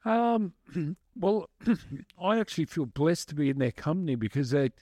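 A chatty man rambles through stories with lots of restarts and fillers. His voice sits a little high for a man. The sound is close and dry. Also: animated, normal speed, darkish tone, no echo. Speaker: guest musician and advocate. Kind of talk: casual storytelling answers.

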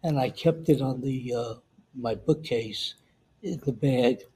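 An older man recounting a wartime memory in an oral-history interview, halting and repeating himself, acting out the voices in his story. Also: medium pitch, a little mellow, breathy edge, low-quality recording. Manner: halting, repeats words and acts out the dialogue he recalls.

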